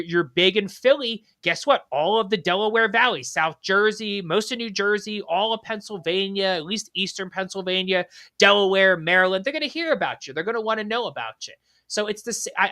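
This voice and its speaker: Bright, high-pitched profane podcast host. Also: male voice, no echo. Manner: profane, rambling rhetorical questioning. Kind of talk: casual political podcast chat.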